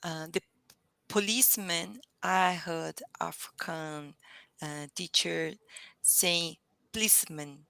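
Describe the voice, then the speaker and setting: A woman learning English over a video call, speaking carefully and haltingly, repeating words to practise them. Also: on the low side, steady tone, creaky, bright, forceful tone, clear, resonant tone, no echo, poor audio. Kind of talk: casual online lesson.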